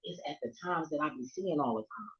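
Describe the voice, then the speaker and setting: A woman vlogger telling a story to her viewers in a casual, profane rant, laughing often and swinging from low murmurs to near shouts. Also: animated, fairly quick, muffled recording.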